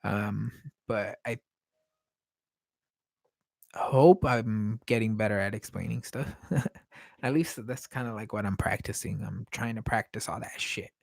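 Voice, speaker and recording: A man whose first language is Spanish, talking in a hesitant, rambling way and often pausing to search for words. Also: lowish voice, gravelly, a little mellow, dry recording. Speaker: podcast host painting live. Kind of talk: casual rambling monologue.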